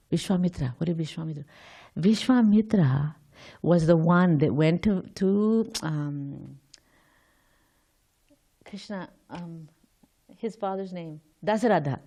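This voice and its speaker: A woman's voice: medium pitch, warm tone. A woman giving an informal scripture class, thinking aloud, quizzing her listeners and often restarting her sentences.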